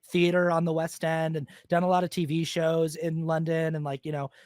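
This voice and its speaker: Guy on a movie podcast, kinda high voice, rambly, dry close sound. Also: completely flat delivery, normal speed, darkish tone, no room sound. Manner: chatty, rambling, lots of "like" and laughs. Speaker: podcast co-host. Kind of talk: casual film review chat.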